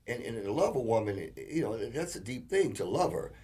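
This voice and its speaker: A man co-hosting a casual relationship talk show, telling animated stories and acting out quotes. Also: medium pitch, fairly quick. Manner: animated storyteller, acts out quotes. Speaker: co-host.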